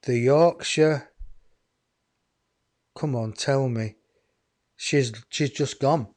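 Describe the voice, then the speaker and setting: A man's voice: medium pitch, takes it slowly, darkish tone. A man hosting a live psychic medium show, rambling and chatty as he talks to his viewers. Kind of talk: live-streamed channeling show.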